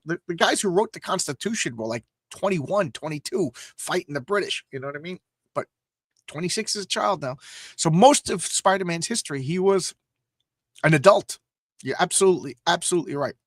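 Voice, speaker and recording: A man's voice: a little high, fairly bright tone, dry recording, clean studio sound. A man hosting a casual comic book reading show, talking with enthusiasm, rambling and often stumbling over his words. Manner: enthusiastic, rambling, stammering restarts.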